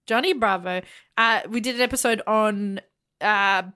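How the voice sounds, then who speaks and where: A woman's voice: mid-range voice, normal speed, sharp tone, smooth. A woman co-hosting a podcast, chatty and exclaiming as she reads out listener feedback. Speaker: podcast co-host. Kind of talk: casual chat.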